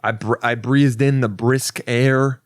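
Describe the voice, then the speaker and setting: A man's voice: mid-range voice, steady tone, slow pace, no echo, studio quality. A young adult man hosting a podcast, telling a story in a casual, rambling, profane and self-mocking way, with many restarts. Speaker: podcast host.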